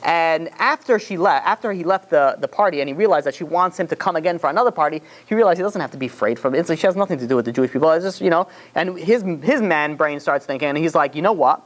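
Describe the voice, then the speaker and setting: Fast-talking rabbi, rambling story. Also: male voice, a little high, animated. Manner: rambling, full of "you know" fillers and restarts. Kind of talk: casual storytelling lesson.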